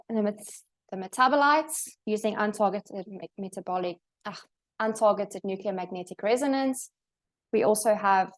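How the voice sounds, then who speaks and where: A young woman from South Africa giving a formal academic talk over a video call. She reads prepared slides steadily and restarts a word now and then. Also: medium pitch. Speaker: presenter. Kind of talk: academic presentation.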